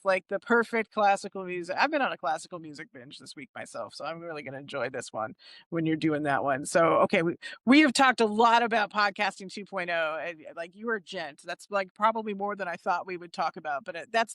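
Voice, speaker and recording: Excitable bay area podcast host in their 40s, keeps restarting sentences, mid pitch, dry close sound. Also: no room sound. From San Francisco Bay Area. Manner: enthusiastic, rambling with frequent restarts. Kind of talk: casual podcast chat.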